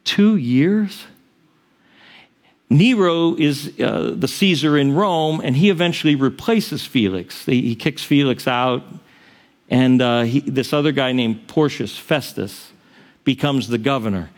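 A man's voice: mid-range voice, a little slow. Man preaching in an easygoing storytelling voice. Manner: conversational storytelling with asides. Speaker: pastor. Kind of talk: sermon.

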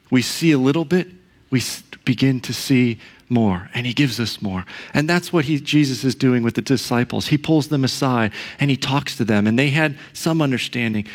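Man preaching a conversational sermon. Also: mid-range voice. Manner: conversational storytelling with frequent asides and tag questions. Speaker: pastor.

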